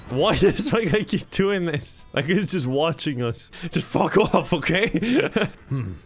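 A man's voice: on the high side, expressive, slow, few pauses, faint music behind. A man commentating a game, joking and laughing often, sometimes in a put-on cowboy voice. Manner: laughs often, playful, jokey. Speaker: gaming YouTuber.

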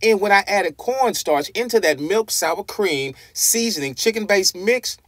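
A man's voice: high-pitched, animated, a little slow, no room sound, studio quality. A man hosting a cooking tutorial vlog, enthusiastic and talking straight to his viewers, asking them questions and saying "y'all" in nearly every sentence. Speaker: cooking channel host.

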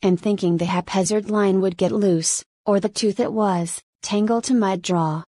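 A woman's voice: mid-range voice, fairly even intonation, normal speed, dark tone, husky, no echo, close to an everyday voice. A woman reading as a good-humored one-armed English captain. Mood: yarn-spinning. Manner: rambling, good-humored storytelling.

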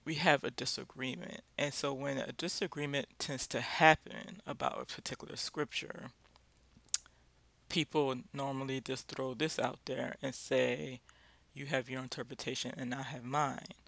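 A man leading a casual Bible study talk, speaking haltingly with many fillers and restarts. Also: mid-range voice, flat delivery, gravelly, bright, forceful tone, no room sound.

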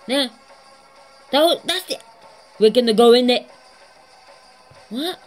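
A woman hosting a gaming channel, giving excitable let's-play commentary, swearing constantly and laughing at herself. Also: fairly high pitch, takes it slowly, soft background music.

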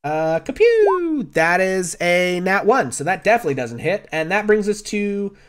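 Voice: mid-range voice, moderate pace, a bit bright, clear, resonant tone. A game master running a streamed tabletop game, upbeat and chatty, tossing in little sound effects. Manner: playful, makes sound effects.

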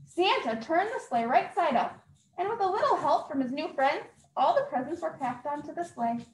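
Expressive high-voiced woman reading aloud to children. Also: normal speed. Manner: highly expressive, acting out sound effects. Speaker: youth services librarian. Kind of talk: children's story time read-aloud. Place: library. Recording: echoey room.

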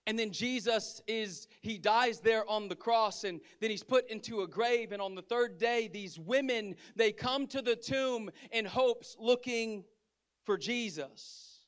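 A man's voice: high voice, a little slow. A male pastor preaching a sermon, telling a story and calling out to the congregation. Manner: lively storytelling with audience call-outs. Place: church sanctuary.

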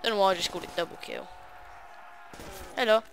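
A young man rambles through casual gaming commentary, with plenty of ums and side remarks. His voice sits at a middle pitch with a bright, hard edge. A faint hiss from a home mic runs under it. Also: wildly swooping pitch, very fast, creaky. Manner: rambling, casual, many fillers and asides. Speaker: gaming YouTuber.

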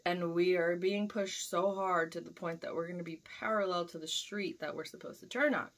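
A young woman vlogger telling a dream story in a casual, animated way, swearing freely and acting out the scenes. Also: on the low side, normal speed.

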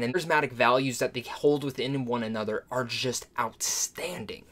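A man's voice: mid-range voice, fairly bright tone. Enthusiastic man reviewing a film. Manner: enthusiastic and gushing. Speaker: movie reviewer. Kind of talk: casual spoken film review.

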